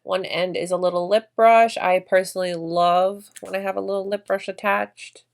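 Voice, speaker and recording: A woman's voice: medium pitch, fairly even intonation, moderate pace, gravelly. A woman vlogger narrating her makeup routine in a chatty, effusive way, gushing over products. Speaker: beauty vlogger.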